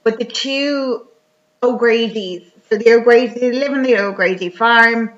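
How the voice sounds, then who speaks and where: A woman's voice: fairly high pitch, a little slow. An Irish woman chatting casually as a podcast co-host, retelling a movie plot in a rambling way full of fillers. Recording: dull lo-fi recording.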